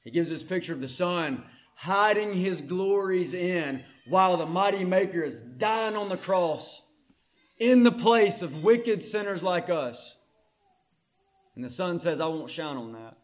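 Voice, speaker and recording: A man preaching a sermon, moving between hushed scripture reading and loud, impassioned proclamation. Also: high-pitched, expressive, a little slow.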